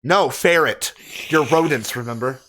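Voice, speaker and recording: A woman hosting a let's play, casual commentary, brash and joking, swearing freely and getting excitable. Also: rumbling low, a little slow.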